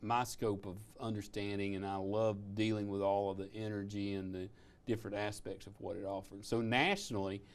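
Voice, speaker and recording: A man's voice: on the low side, level tone, fairly quick, smooth. A man with an Alabama Southern accent, speaking as an interview guest in an easygoing, plain-spoken way. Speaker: guest, public service commissioner. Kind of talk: casual interview chat.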